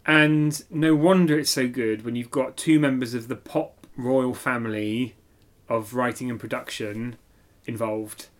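A man's voice: mid-range voice, steady tone, a little slow. Man, podcast co-host, casual music chat, enthusiastic, mid-range voice, hesitant fillers.

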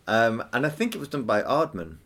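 A man co-hosting a podcast in casual chat, enthusiastic and chatty, quick to laugh. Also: medium pitch, fairly bright tone. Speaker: podcast co-host.

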